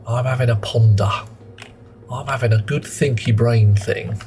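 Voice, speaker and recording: A man's voice: on the low side, a little mellow. A British man chatting playfully with viewers while live-streaming a game and thinking aloud. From Britain. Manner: chatty and playful, greets chat, muses aloud. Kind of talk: live gameplay commentary.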